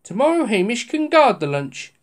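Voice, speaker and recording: Storybook: reader doing a bright, resourceful keeper's wife, lively and eager. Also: medium pitch, normal speed, voice pushed up, lightly acted. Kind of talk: storybook reading.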